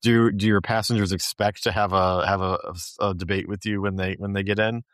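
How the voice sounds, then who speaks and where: Deep-voiced polite interviewer. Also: male voice, fairly even intonation, a little fast, fairly bright tone, dry recording, clean studio sound. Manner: polite, hedging questions with apologies. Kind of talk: interview questions.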